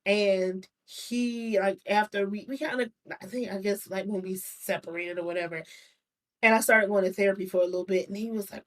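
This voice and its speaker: A woman's voice: medium pitch, steady tone, normal speed. A young adult woman, a guest, candidly telling a personal story in casual chat, with frequent laughs and restarts.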